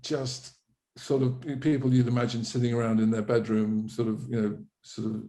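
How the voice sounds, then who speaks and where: Lively, mellow-voiced male storyteller. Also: medium pitch. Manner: lively storyteller, self-correcting, with quick asides. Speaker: interview guest. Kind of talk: anecdotal storytelling.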